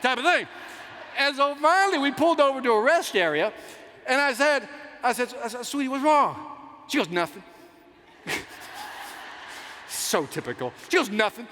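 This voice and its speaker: A middle-aged man giving a motivational keynote, telling stories with loud outbursts and playing to the crowd. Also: very high voice, normal speed, pauses often. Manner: animated storytelling, loud outbursts, plays to the crowd. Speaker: keynote speaker. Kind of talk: motivational stage speech. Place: large conference hall. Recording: long hall reverb, faint noise.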